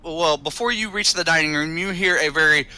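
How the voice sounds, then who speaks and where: A man's voice: on the high side, fairly quick, sharp tone, smooth, rough recording. A man narrating a tabletop game as game master, rambling with many restarts and fillers.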